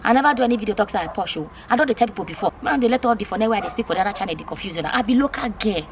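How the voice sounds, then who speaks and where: Fast-talking Nigerian Pidgin woman vlogger. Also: mid-range voice, lively intonation, background noise. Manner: chatty, repetitive, emphatic. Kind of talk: casual Pidgin vlog talk.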